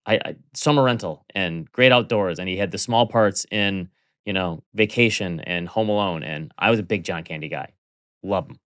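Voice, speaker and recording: A man's voice: sits low, normal speed, a bit bright, dry recording, clean studio sound. A man co-hosting a podcast, easygoing and enthusiastic in casual chat. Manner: easygoing, enthusiastic about favorites. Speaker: podcast co-host.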